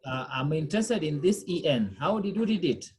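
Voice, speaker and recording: A woman's voice: deep voice, lively intonation, moderate pace, a little mellow, a little hiss or hum. A woman teaching French pronunciation over a video call, patiently repeating and checking that students follow. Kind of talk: online class teaching.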